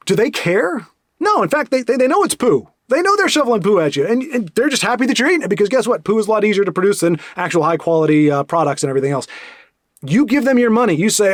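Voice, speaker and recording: A man talking in a casual, rambling monologue, animated and full of restarts and asides. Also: high voice, fast, no echo, clean studio sound. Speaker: podcast host.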